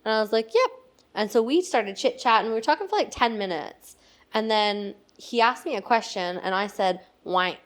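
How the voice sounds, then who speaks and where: Lively woman with a Quebecois accent. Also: on the high side, normal speed. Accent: Quebecois French. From Quebec, Canada. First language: French. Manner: lively storyteller, laughs often. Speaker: podcast co-host. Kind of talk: casual chat. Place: lounge bar.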